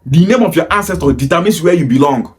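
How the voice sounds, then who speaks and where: Fast-talking Nigerian man, emphatic. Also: on the high side, expressive. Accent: Nigerian Pidgin-inflected English. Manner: emphatic, repetitive, lecturing. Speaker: commentator. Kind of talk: opinion monologue.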